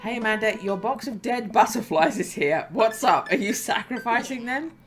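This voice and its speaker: Woman doing a soft-hearted middle-aged dad. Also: a little high, animated, moderate pace, pitched above the performer's own voice, lightly acted. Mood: tender. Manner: sentimental, gently joking. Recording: music playing behind.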